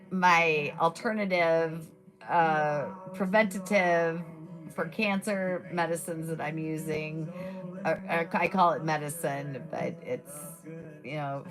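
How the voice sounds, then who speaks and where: A woman's voice: low voice, a bit bright. A woman chatting casually on a live stream, rambling with many fillers, her throat a little scratchy. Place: at home at a table. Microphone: device mic without boom arm.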